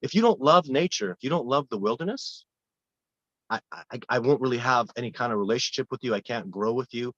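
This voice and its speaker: A man who guides wilderness expeditions, telling earnest, animated stories in a casual interview with frequent restarts. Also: mid-range voice, fairly quick, no echo. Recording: dull, lo-fi dry sound.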